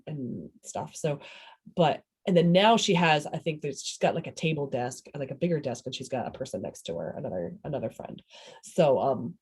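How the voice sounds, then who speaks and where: A woman's voice: deep voice, a little mellow, slightly rough. A woman, a parent talking casually in an oral history interview, rambling and breaking off her sentences. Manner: rambling, self-interrupting, laughs often.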